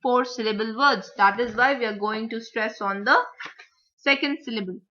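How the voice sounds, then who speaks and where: A woman teacher explaining vocabulary, word stress and grammar, repeating example words slowly to model the stress. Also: fairly high pitch, pushed and bright. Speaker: English teacher. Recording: dull lo-fi recording.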